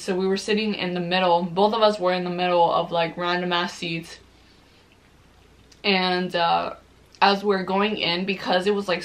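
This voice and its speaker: A woman's voice: fairly low pitch, fairly bright tone. Chatty young woman telling a story. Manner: chatty, swears freely, many fillers and "like"s. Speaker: vlogger. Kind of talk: casual storytelling while eating.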